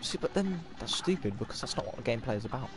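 A sixteen-year-old boy streaming a game, excitable and swearing, shouting at the game. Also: mid-range voice, rapid-fire, background noise. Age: teens. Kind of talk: live gameplay commentary.

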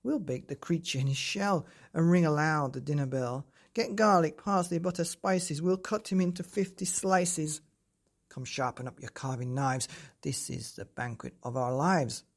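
A storyteller voicing a mob of greedy French townsmen, shouting excitedly about cooking their catch. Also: mid-range voice, moderate pace, lightly acted. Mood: greedy, gleeful.

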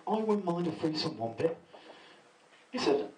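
A man's voice: a little high, very animated, moderate pace, a little mellow. A man doing a crude first stand-up set at a pub comedy night, telling rude stories and acting out the other voices. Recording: echoey, noisy amateur pub recording from far off.

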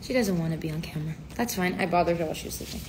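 A woman's voice: lowish voice, rapid-fire. Young woman, casual, chatty, playful, giggly, home livestream, background hiss. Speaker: livestream host reading tarot. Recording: noisy home livestream audio.

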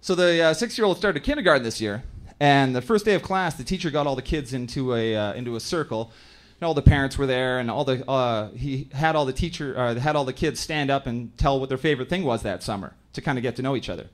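A Canadian man in his thirties performing a stand-up comedy set on a club stage, telling family stories and briefly acting out other people in quick voices. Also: mid-range voice. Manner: storytelling, acts out other characters in quick voices.

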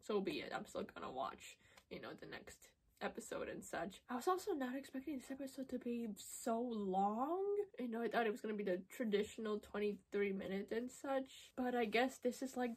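A woman's voice: a little high, slightly rough. A woman hosting an anime reaction video, exclaiming and gasping at the screen and rambling casually with lots of fillers. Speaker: anime reaction channel host.

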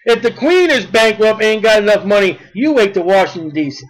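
High-pitched fiery preacher man. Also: sing-song, moderate pace, low-quality recording. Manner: emphatic, shouts at peaks, repetitive cadences. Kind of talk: fiery sermon.

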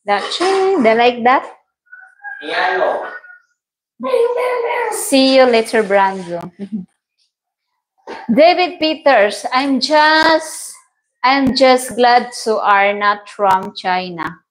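Slow-talking Filipino woman livestreaming. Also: on the high side, poor audio. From Philippines. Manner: chatty, laughs often, greets viewers by name. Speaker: livestream host. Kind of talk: casual livestream chat reading viewer comments.

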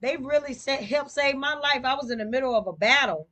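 A woman hosting a livestream, chatting casually and cheering on her teammate with excited, slangy play-by-play. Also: high-pitched, fairly quick. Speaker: livestream gamer host. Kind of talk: casual gaming chat.

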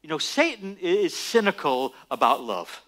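A man, a Messianic rabbi, preaching a sermon emphatically and slowing down for stress on key lines. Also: a little high. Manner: emphatic, animated preaching with dramatic slowdowns.

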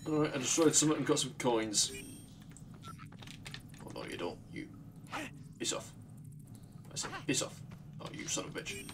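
A man's voice: mid-range voice, lively intonation, fairly quick, long pauses, background noise. A man giving wry, sweary commentary while playing a game. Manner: sweary, wry, talking to himself. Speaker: streamer. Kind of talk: casual gameplay commentary.

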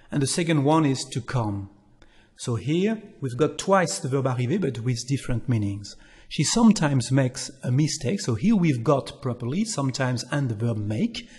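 A man's voice: fairly high pitch, slightly rough. A man with a French accent, a native French speaker, teaching a language lesson and patiently repeating example phrases.

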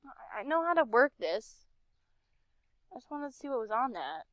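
A woman's voice: a little high, sing-song, moderate pace, no room sound, dull audio. A young woman commenting casually as she plays a game, chatty and sarcastic, talking to herself. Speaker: game streamer.

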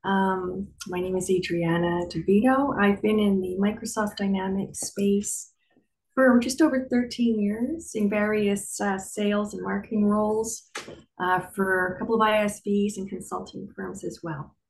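A woman explains her view on a webinar panel over a video call in a measured, steady way, with occasional fillers. Faint background noise sits behind her mid-pitched voice. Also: rough recording. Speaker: panelist, marketing professional.

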